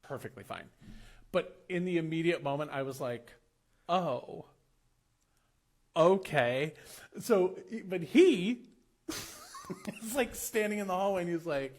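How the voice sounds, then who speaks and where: A young American man telling a travel story in a casual vlog, animated and laughing often as he acts out the people he met. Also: sits high, moderate pace. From United States.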